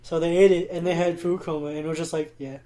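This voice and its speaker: Swearing, animated young man. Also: on the high side, fast. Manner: animated storyteller, swears freely, laughs often. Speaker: podcast co-host. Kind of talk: casual chat.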